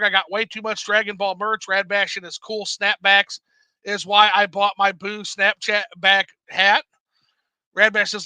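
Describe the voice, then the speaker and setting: Male streamer host, high and very bright, dry sound, animated and profane. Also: smooth, no echo, rough recording. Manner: animated, swears freely, laughs often. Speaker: livestream host reading chat. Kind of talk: casual livestream chat.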